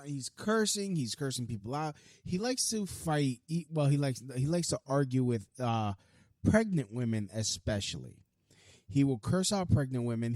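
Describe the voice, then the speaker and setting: A man rants casually to camera, rambling through fillers and restarts and swearing freely. His voice sits in a middle pitch. The sound is dry, with no room echo. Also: a little mellow. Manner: rambling, profane, many fillers. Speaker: vlogger. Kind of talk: casual rant.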